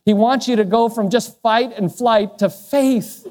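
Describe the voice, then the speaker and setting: A man preaching a sermon as a pastor, speaking in a personal, earnest way, with soft, lowered passages. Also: a little slow. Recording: long hall reverb.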